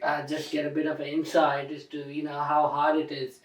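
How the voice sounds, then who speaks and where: A man's voice: a little high, completely flat delivery. Upbeat male talk show co-host. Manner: upbeat, quick to praise and laugh. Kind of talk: casual chat. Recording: roomy studio from a distance.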